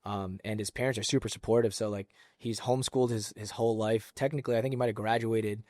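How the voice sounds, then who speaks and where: A man's voice: fairly low pitch, steady tone, fast talker, darkish tone, no echo. A man who coaches jiu-jitsu, a guest on a casual podcast, swearing freely and telling stories where he acts out other people's lines.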